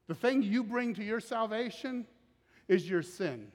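A man preaching a sermon as pastor, animated and acting out scripture quotes in dramatic voices. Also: sits high, measured pace. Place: church auditorium. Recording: long reverb of a large hall.

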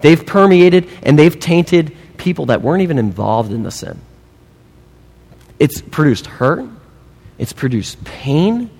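A male pastor preaches with animated, swooping intonation. He drives his points home with emphasis and drops in humorous asides. His voice sits a little high and rings with long hall reverberation. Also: unhurried, gravelly, breathy edge. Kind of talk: sermon.

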